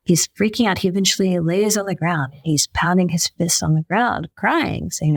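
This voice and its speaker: A woman journalist, a podcast guest, telling a story in a lively way and acting out the quotes. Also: lowish voice, moderate pace, hardly any pauses, no echo. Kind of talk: conversational storytelling.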